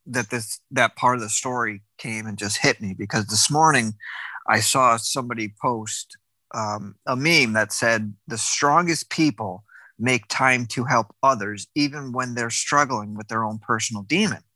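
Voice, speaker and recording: A man hosting a conversation, with a mid-pitched, bright, forward voice. He talks earnestly and thinks aloud as he responds to his guest. The sound is dry and close-miked. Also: a little slow, no echo. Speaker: host. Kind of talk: conversational interview.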